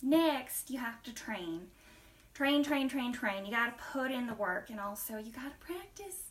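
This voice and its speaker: A woman acts out a self-assured acting coach with a put-on Southern accent, rattling off advice in a fairly high voice. She stresses each point and slips into quick whispered asides. Her voice sounds a little distant from the mic. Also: expressive, close to an everyday voice. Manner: brisk, listy, emphatic with sudden drops to a whisper. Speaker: acting trainer in a class skit. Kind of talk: comedic skit interview.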